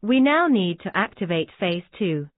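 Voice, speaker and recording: A woman reading the lines of a bitter, scheming orphaned girl in a slow, even way, on a dry, tinny recording. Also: medium pitch, dry recording, close to an everyday voice. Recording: dry, tinny phone-like sound.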